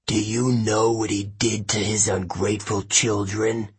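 A man's voice: medium pitch, slow, gravelly, fairly bright tone, breathy edge, heavily acted. A man reading an audiobook voices a cruel, scornful ancient king who runs a camp, sounding menacing and sneering. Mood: sinister storytelling.

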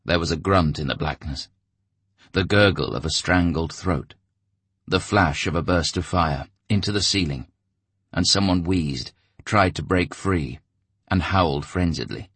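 Male audiobook narrator, very deep, husky, dry close sound. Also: measured pace, fairly bright tone, no room sound.

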